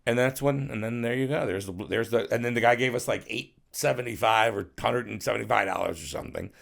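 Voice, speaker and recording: A middle-aged man with a gravelly, creaky voice, telling long, loose stories as a podcast guest. He swears casually and slips into other people's voices as he goes, at an ordinary pitch for a man. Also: fast, a bit bright. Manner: profane, rambling storyteller who acts out others' voices. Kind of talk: casual storytelling interview.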